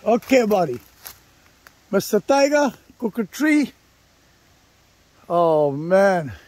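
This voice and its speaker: A man's voice: high voice, sing-song, takes it slowly. A man vlogging outdoors in the bush, chatting enthusiastically to his viewers while driving. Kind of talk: casual vlog narration. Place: outdoors in rural bush, often driving a vehicle. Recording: outdoor recording with loud engine and wind noise.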